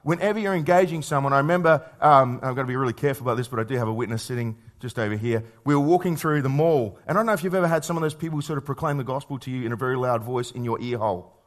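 A man preaching a sermon in a conversational way, telling stories and asking rhetorical questions, reading scripture slowly and quietly. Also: mid-range voice.

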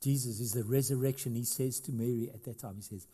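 This middle-aged pastor's sermon comes at a quick pace in a medium-pitched, breathy voice with fairly even intonation. Loud, emphatic sections give way to quiet asides, and he questions the congregation with light humor.

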